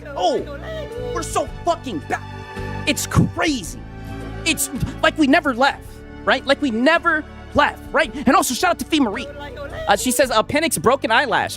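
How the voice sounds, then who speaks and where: Animated streamer man, lively pitch. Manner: animated, repeats "right?" constantly, reads chat shout-outs. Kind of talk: casual live-stream chat.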